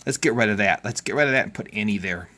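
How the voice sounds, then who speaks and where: A man teaching a home learning video lesson, talking children through the work in a casual, encouraging way and thinking out loud. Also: fairly low pitch, fast talker.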